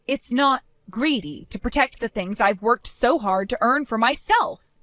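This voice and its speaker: An actress voicing a calm young woman defending her savings, speaking in a firm, measured, articulate way in a voiced story drama. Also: on the high side, dry recording, studio quality, faint music behind.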